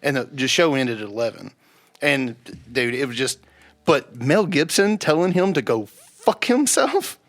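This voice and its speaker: A young man telling a rowdy story on a podcast, swearing freely and loudly acting out the people he quotes. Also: medium pitch, lively intonation, unhurried. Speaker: podcast guest. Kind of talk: casual storytelling.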